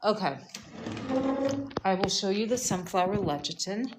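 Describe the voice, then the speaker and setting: A woman's voice: mid-range voice, lively intonation, a little slow, long pauses. A woman hosting a casual wellness livestream from her home kitchen. She chats with viewers and calls them "my love". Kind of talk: casual live chat with viewers. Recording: echoey room with loud background noise.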